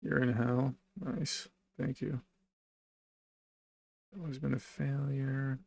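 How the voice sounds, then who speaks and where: A man's voice: mid-range voice, little pitch movement, slow pace, gravelly, a little mellow, breathy edge, far from the mic. A young man streaming, giving crude, mocking reaction commentary in a casual way.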